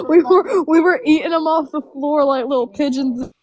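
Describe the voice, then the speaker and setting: A woman's voice: sits high, unhurried, a little mellow, poor audio. A woman in her late teens calling in to chat, rambling and slangy and swearing freely. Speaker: caller. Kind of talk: casual chat.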